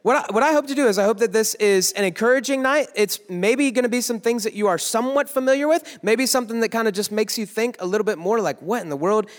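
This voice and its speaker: A young man giving a joking youth sermon, teasing the crowd with quick asides in a large worship hall. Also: very high-pitched. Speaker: youth pastor. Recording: echoey hall.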